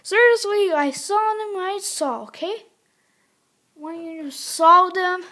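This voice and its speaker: A woman voicing an excitable little plumber hero in homemade toy play, breaking into shrieking bursts. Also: very high-pitched, slow pace, full character voice. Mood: insistent. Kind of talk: toy play with character voices.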